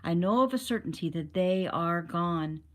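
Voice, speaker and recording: A woman's voice: on the low side, animated, moderate pace, close to an everyday voice. A woman reading the lines of a man with a thick accent, firm and certain.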